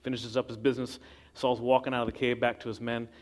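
A man preaching in a relaxed, conversational way, retelling a story and slipping into the voices of the people in it. His pitch sits in an ordinary middle range for a man. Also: quick pace. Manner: conversational storytelling with acted quotes. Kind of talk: sermon.

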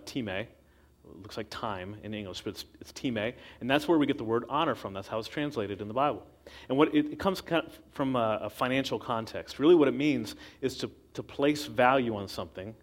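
A man preaching a sermon in a casual, storytelling way, acting out the quotes he tells. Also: medium pitch. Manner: conversational storytelling with acted quotes.

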